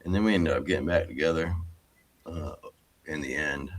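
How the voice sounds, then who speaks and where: A man with a low, deep voice chats on a livestream. He tells his story loosely, full of uhs and restarts. His tone stays easygoing throughout. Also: normal speed. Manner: rambling, hesitant, with many fillers. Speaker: livestream co-host. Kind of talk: casual chat.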